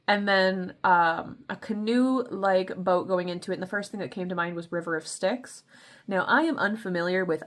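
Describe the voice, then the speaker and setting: A woman giving a casual tarot and crystal reading in a playful, chatty way, calling her listeners baby. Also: medium pitch. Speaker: tarot reader.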